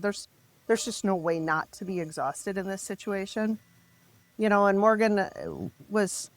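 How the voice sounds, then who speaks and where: A middle-aged woman telling her story as a podcast guest, raw and emotional, halting and restarting as she speaks. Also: medium pitch, no room sound. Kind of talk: candid personal storytelling.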